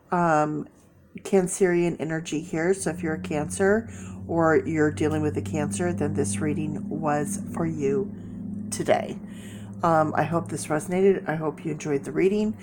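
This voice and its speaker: Sniffly low-voiced woman tarot reader. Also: a little slow, noisy background. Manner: chatty, encouraging, rambling. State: sick, sniffly voice. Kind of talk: casual tarot reading.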